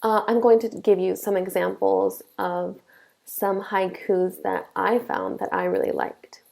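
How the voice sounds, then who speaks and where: A woman's voice: mid-range voice, expressive, vocal fry, darkish tone. A young woman teaching a lesson, explaining step by step and checking in with "okay?" often. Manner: slow, deliberate explaining with frequent "okay?" checks. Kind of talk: classroom lesson.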